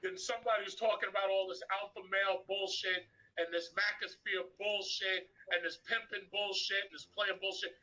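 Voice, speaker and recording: A man's voice: high-pitched, little pitch movement, a little fast, bright, forceful tone, rough recording. A man in a played clip, ranting bluntly and dismissively.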